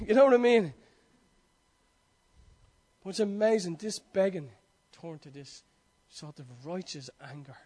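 High-voiced Irish preacher. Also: male voice, lively intonation, measured pace, long pauses. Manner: impassioned storytelling, swinging between loud and hushed. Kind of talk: sermon.

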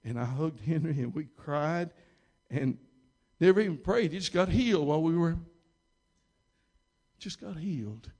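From the pulpit, a male pastor tells a story in a mid-range, slightly mellow voice, animated and at a moderate pace. He rambles, restarts sentences and repeats small words. When stressing key points, he emphatically raises his pitch and volume.

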